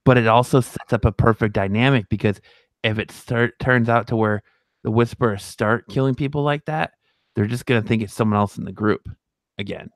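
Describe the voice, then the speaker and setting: A man's voice: lowish voice, fairly quick, no echo, studio quality. A man co-hosting a fan podcast, talking casually and rambling with many restarts and fillers. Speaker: podcast co-host.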